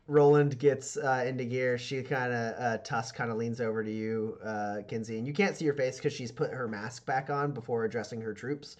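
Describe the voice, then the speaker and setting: A man's voice: medium pitch, fairly even intonation, moderate pace, hardly any pauses. A man narrating as game master, rambling with many fillers and restarts.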